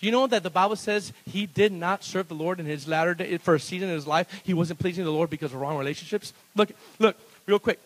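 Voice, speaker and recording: A man preaching a sermon as pastor at a church service, animated and playful, breaking into laughs between bold declarations. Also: high-pitched, quick pace, few pauses, rough recording.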